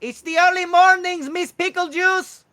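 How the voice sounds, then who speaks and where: A man voicing a male blue kookaburra bard messenger in a tabletop game, speaking in a high, drawn-out, fussy way. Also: fairly even intonation, pushed and bright, dry recording, full character voice. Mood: announcing.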